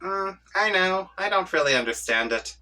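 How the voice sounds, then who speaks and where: A woman's voice: on the low side, expressive, moderate pace, pushed and bright, far from the mic, pitched above the performer's own voice. A man reading a comic aloud, voicing a haughty, scheming young female troll who talks with smug taunts. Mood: taunting.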